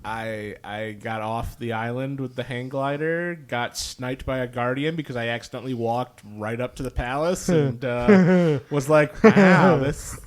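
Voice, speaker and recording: A man's voice: mid-range voice, a little slow, few pauses. A young man co-hosting a casual podcast, sleepy, acting out game stories with sound effects. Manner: animated, acts out anecdotes with sound effects. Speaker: podcast co-host.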